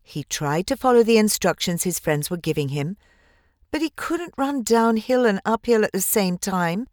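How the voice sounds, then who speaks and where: Slow, gentle woman reading a storybook. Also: medium pitch, no room sound, clean studio sound. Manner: measured, gentle, expressive. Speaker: audiobook narrator. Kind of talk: scripted storybook narration.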